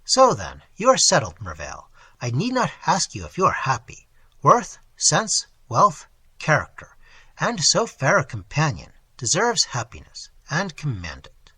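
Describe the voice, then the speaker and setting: A reckless, worldly young gentleman home from his travels, played by a male reader. He speaks boldly and sardonically, in a bright, forceful voice with a husky grain. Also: on the high side, huge pitch swings, measured pace, no room sound, heavily acted. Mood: boisterous. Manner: bold, sardonic.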